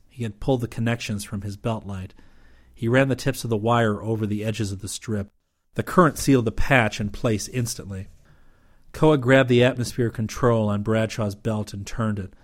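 A man reading an adventure novel aloud in steady, even audiobook narration. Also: fairly low pitch.

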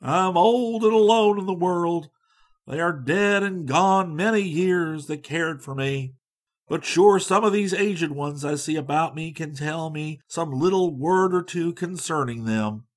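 A man's voice: on the high side, a little slow, voice pushed up, lightly acted. A man voicing a bewildered, grieving old man in a storybook reading, with a quavering, lamenting delivery.

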